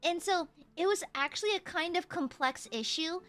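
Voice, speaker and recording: A woman's voice: very high-pitched, normal speed, a bit bright. A young woman livestreamer chatting casually and reading donations, bubbly and giggly, cursing freely.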